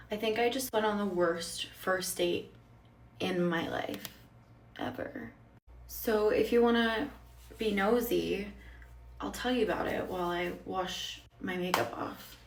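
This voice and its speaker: A woman's voice: mid-range voice, takes it slowly, long pauses, a little hiss or hum. A woman in her twenties telling a dating story in a casual vlog while removing her makeup in the bathroom, blunt and candid, swearing freely and voicing other people's lines. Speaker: storytime creator. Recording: echoey room, mic at a distance.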